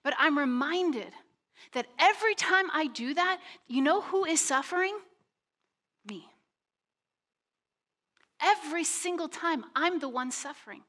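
A woman sharing a slow, personal, confessional reflection during a sermon. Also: high voice, expressive, bright, forceful tone.

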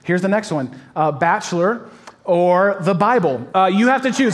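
A man preaching in a church with a noticeably high voice for a man. He talks to the congregation in a chatty, upbeat way and laughs often. His sermon feels like friendly conversation. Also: expressive, normal speed, a faint crowd, a little hiss or hum. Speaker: pastor. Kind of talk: casual sermon to a live congregation. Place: church auditorium.

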